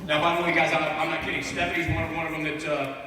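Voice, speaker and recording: A man's voice: a little high, little pitch movement, fast, a crowd in the background. A man on a convention panel telling rambling, profane stories to fans, heard from a distant mic in a large, noisy hall. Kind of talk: animated anecdote at a fan panel.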